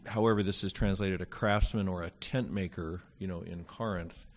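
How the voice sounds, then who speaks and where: A man with a fairly low voice lectures on Greek grammar to a class. He speaks haltingly, filling pauses with fillers and slipping in wry asides. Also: fairly even intonation. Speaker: Greek teacher.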